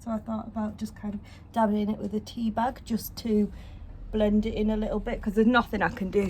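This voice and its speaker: A British woman talks through her home projects in a loose, rambling vlog style, full of ums and likes. Her pitch sits in the middle of the range, and a faint hiss runs under the home recording. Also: mellow. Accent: British English. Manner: chatty, rambling, self-deprecating, lots of fillers. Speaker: vlogger. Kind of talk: casual home vlog chat. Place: at home indoors.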